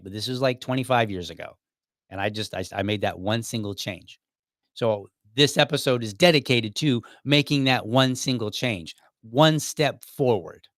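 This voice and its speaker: A man's voice: medium pitch, fairly bright tone, dry recording, studio quality. Casual man hosting a dad podcast. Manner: conversational, with restarts and asides. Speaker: podcast host. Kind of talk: casual monologue.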